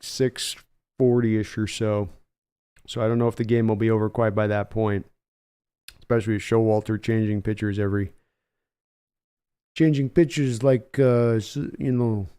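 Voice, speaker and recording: A man with a smooth, resonant voice hosts a live baseball reaction stream. He mixes excited play-by-play calls with easygoing chat aimed at his viewers. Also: medium pitch, moderate pace. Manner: excitable home run calls, chatty while reading chat.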